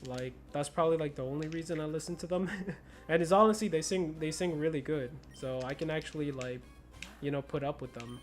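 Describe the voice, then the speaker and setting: Streaming a game, a young US man laughs often and keeps things casual and slangy, with a slight Spanish-influenced accent. His voice is a little high and fairly quick, with faint music behind it.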